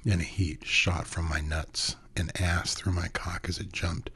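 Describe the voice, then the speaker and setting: A man narrating a first-person story in an intimate, hushed way, often dropping to a whisper. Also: deep voice, breathy edge.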